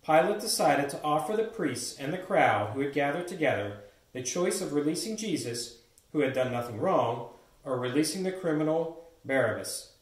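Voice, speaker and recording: A man's voice: a little high, animated, normal speed. A man reading a story aloud steadily as a narrator in a church pageant. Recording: echoey church, distant mic.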